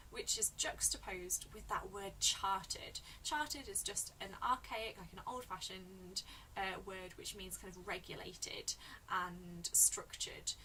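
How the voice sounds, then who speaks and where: A woman teacher analysing a poem in a lesson, explaining slowly and repeating key words. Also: medium pitch, sharp tone, distant mic, a little hiss or hum, rough recording. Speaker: English teacher.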